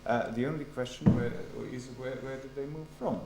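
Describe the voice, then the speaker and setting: A man's voice: mid-range voice, fairly even intonation, normal speed, very noisy. A man defending his doctoral thesis, giving a formal academic answer, hesitant with frequent fillers. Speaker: PhD candidate defending a thesis. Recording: echoey room.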